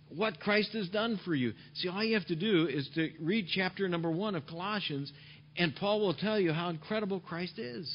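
A male pastor preaching a sermon emphatically, repeating key phrases and dropping to soft tones, on a dull lo-fi recording. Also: high-pitched.

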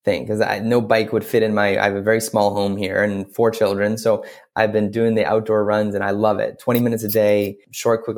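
A man's voice: on the low side, darkish tone. A man talking as a podcast guest, rambling with lots of fillers. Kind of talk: casual interview talk.

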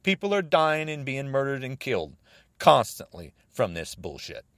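Angry American man ranting, wildly swinging pitch. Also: very animated, normal speed, no room sound. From United States. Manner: agitated, repetitive, swinging between shouting and muttering. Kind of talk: angry political rant.

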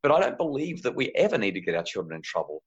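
Animated man with a low voice. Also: racing. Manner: earnest, animated, acts out quotes with high pitch jumps. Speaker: parenting author, guest. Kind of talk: conversational interview. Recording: slightly dull lo-fi audio.

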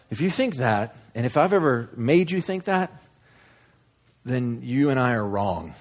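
A man preaching a sermon, retelling a story in an animated, humorous, conversational way. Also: medium pitch, unhurried. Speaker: pastor.

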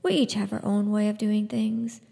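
A woman reading aloud and voicing a calm, dignified man who speaks gently and evenly. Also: medium pitch, vocal fry. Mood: gentle. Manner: gentle, measured and soft. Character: calm, dignified older male executioner. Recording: long hall reverb.

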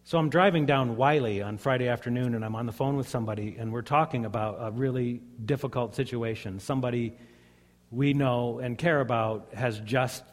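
A man preaching a sermon as a pastor, earnest and conversational, telling stories to his congregation. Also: medium pitch. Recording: long hall reverb.

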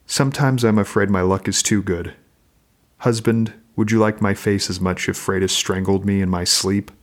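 A man reading aloud the lines of a calm, sharp-tongued young Norse wife from a novel, in his own low voice. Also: normal speed, lightly acted. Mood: calm, pointed. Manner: calm, quietly pointed.

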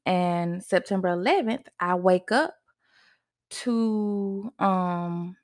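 Woman podcaster telling her own story, animated, voice jumps up high when she quotes herself. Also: extremely slow. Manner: animated, acts out her own past words with a higher voice. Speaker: podcast host. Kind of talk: personal storytelling.

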